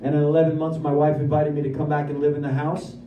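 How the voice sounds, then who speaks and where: A man giving a lively personal recovery testimony at a speaker meeting, acting out his own dialogue as he goes. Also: on the high side, fast, muffled recording, a little hiss or hum. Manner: animated storyteller who acts out his own dialogue. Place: meeting room at a recovery center. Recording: echoey room, voice from far off.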